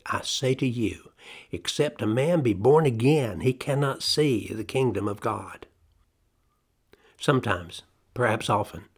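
A middle-aged man delivers a sermon in a lowish voice. He speaks emphatically and slows right down to press key phrases home, repeating lines for weight. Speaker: preacher.

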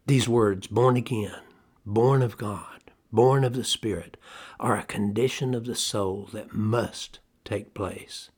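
A middle-aged man preaching a sermon, emphatic and deliberate, slowing down to stress key phrases. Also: lowish voice, steady tone, darkish tone, slightly rough.

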